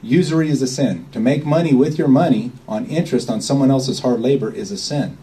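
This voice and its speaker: A man speaks to a small gathering in a loose, folksy way and keeps asking if everyone follows. His voice is dark and mellow. He sits well back from the microphone. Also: medium pitch, a little fast, distant mic, rough recording. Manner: rambling, folksy, checks in with "okay?". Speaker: speaker at a meeting. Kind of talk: informal talk to a small group.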